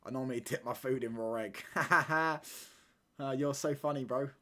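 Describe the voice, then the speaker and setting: A man's voice: mid-range voice, fairly even intonation, fast talker. Slangy young streamer man. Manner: casual slangy banter, repeats phrases, gets loud when ranting. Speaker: watchalong streamer. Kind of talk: live football watchalong chat.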